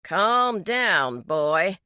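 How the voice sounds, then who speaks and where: A woman's voice: lowish voice, very animated, unhurried, sharp tone, no echo, exaggerated voice. A woman voicing a patronizing, menacing male deputy with a condescending, threatening way of talking.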